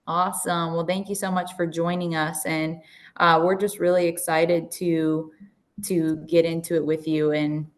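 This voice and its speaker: A woman hosts a podcast interview in a somewhat low voice. She sounds eager and talks loosely, with plenty of "you know" and "like" as she introduces and questions her guest. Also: flat delivery, a little slow. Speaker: podcast host.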